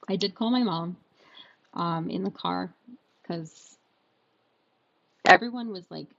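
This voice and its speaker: Young woman host, lively storyteller, slightly dull lo-fi sound. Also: lowish voice, gravelly. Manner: animated storyteller, acts out quotes. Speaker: podcast co-host. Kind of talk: casual storytelling chat.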